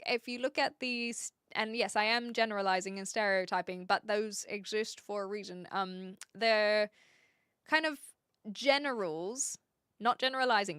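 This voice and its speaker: A woman's voice: mid-range voice, fairly bright tone, clean tone, no room sound, studio quality. A woman streamer chatting casually with viewers, rambling and correcting herself with lots of fillers. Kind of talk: casual chat answering viewers.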